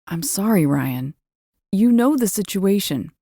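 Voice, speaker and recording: Brooding young guy, low growl, slow and gravelly, tense and restrained, read by a woman. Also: sing-song, mellow, dry recording, clean studio sound. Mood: pained. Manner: low growling, clipped through the teeth. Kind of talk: audiobook character voice.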